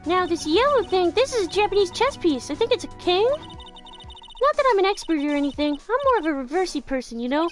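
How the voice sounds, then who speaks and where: Game voice: a chirpy, eager young sidekick girl pitched up high, as a woman puts her on, faint music behind. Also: sing-song, a little fast. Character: bubbly, excitable young female assistant.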